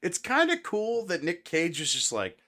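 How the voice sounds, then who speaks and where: Male podcast host, lively pitch, sounds a bit high and tired, swears freely. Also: normal speed, over a noisy crowd, heavy background noise. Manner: laid-back, swears a lot, laughs often. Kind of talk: casual late-night chat reacting to clips.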